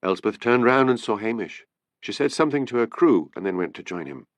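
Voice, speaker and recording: A man narrating an audiobook in an expressive, lively reading. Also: fairly low pitch, fairly quick, no echo. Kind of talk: scripted narration.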